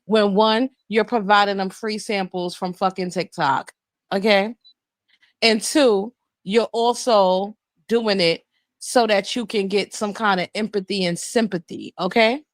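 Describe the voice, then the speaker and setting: A woman's voice: medium pitch, steady tone, measured pace, dry recording. A woman co-hosting a livestream, giving blunt, profane gossip commentary in a casual chat. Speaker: livestream co-host.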